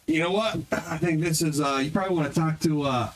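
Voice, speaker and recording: A man's voice: fairly high pitch, brisk, pitched above the performer's own voice, lightly acted. A man voicing a smug desk cop who brushes off a group of kids. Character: smirking adult male desk cop, dismissive.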